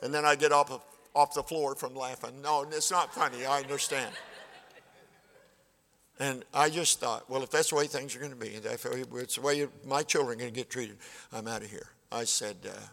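A man's voice: medium pitch, steady tone, normal speed, gravelly, fairly bright tone. An older man in his seventies preaching a sermon in a folksy, plainspoken way, acting out conversations. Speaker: pastor. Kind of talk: sermon with storytelling. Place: church sanctuary. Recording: church hall reverb.

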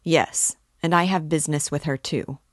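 A woman's voice: sits low, fairly even intonation, normal speed, no room sound, clean studio sound, natural voice. Woman voicing an urgent young law student. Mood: puzzled. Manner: urgent, insistent.

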